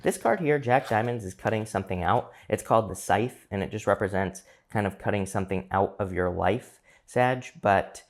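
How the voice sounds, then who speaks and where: A man's voice: fairly low pitch, normal speed, few pauses. A man giving a casual tarot card reading to his viewers, chatty and loose, with fillers and restarts. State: hiccups. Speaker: tarot reader.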